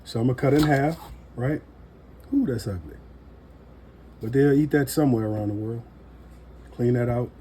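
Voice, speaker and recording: A man giving a casual cooking demonstration in a relaxed, folksy way with joking asides. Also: mid-range voice, normal speed, pauses often, a little hiss or hum. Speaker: home cook demonstrating knife skills.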